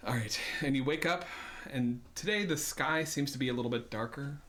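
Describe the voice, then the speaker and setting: Casting: male dungeon master, rambling narration full of ums and hedges, mid pitch. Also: brisk, fairly bright tone. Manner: rambling, hesitant, many ums and "I would say". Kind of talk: narrating a tabletop game.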